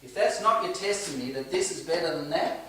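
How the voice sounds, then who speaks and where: A man's voice: a little high, fast talker, sharp tone. A man leading a home church Bible study, earnest and questioning the group as he teaches. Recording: echoey room, distant mic, faint ambience.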